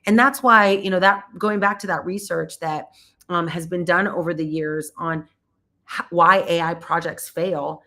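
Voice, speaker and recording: A woman in her thirties telling a personal work story in a talk, animated and chatty, laughing often and saying "like" a lot. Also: lowish voice, a little slow. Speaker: host.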